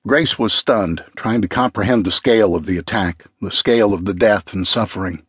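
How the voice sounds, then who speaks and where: A man narrating an audiobook with a measured, grave delivery. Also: lowish voice, a bit bright, breathy edge, dry recording, studio quality. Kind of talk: scripted narration.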